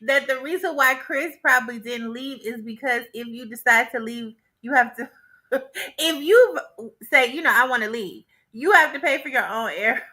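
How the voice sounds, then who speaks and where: A woman's voice: high-pitched, normal speed, pushed and bright. A woman co-hosting a casual recap chat, talking animatedly with frequent laughter and acting out quoted dialogue. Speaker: co-host.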